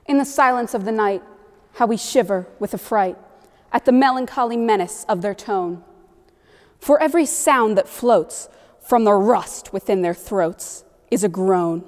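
A woman giving a solemn, steady poetry recitation as a stage performer. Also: medium pitch, unhurried. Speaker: student performer. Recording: long reverb of a hall.

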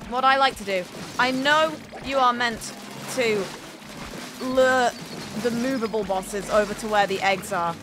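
A woman's voice: on the high side, poor audio. Woman, gameplay streamer, playful, giggly, foul-mouthed, game music behind. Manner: playful, giggly, swears often. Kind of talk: casual gameplay commentary.

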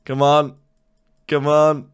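A young man with a hoarse, worn voice, commenting excitedly on his own gameplay and cursing at his bad luck. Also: fairly high pitch, slow pace. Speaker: gaming video creator.

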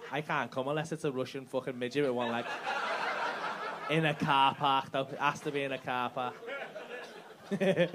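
Man, stand-up comedian, sweary crowd work, loud audience laughter. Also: mid-range voice. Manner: brash, sweary, shouts punchlines. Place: comedy club stage. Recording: live club with audience laughter.

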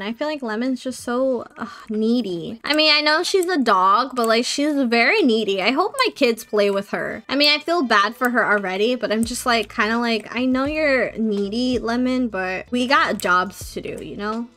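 A woman's voice: on the high side, fairly bright tone. Chatty woman scolding her game characters. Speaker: gameplay streamer. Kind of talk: casual let's-play commentary.

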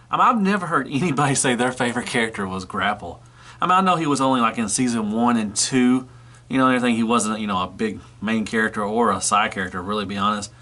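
A man's voice: medium pitch, bright, forceful tone. A man giving a casual toy review, rambling and filling gaps with "you know".

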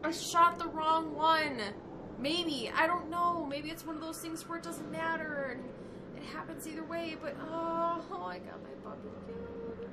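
A woman playing a horror video game and commenting on it casually, reacting emotionally with shouts and quiet, sad muttering. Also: very high-pitched, fairly even intonation, unhurried, background noise. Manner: emotional, swings between shouting and sad mumbling. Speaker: let's play gamer.

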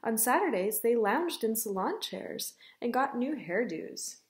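A woman teacher reading a picture book aloud to children, telling it in an expressive, unhurried way. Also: fairly high pitch, slight background noise. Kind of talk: storybook read-aloud. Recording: echoey room.

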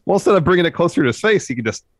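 A man co-hosting a wrestling podcast, recapping the show in casual chat with dry, deadpan quips. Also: fairly high pitch, rapid-fire, dry recording. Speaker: podcast co-host.

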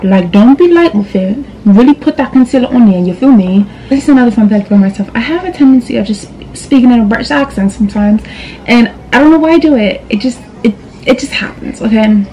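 Young female beauty vlogger, sassy and direct, warm mellow tone, faint room hiss. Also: on the high side, expressive, quick pace, poor audio. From New York. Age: young adult. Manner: sassy, direct, calls viewers girl and boo. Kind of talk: casual makeup tutorial chat. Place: indoors at a vanity.

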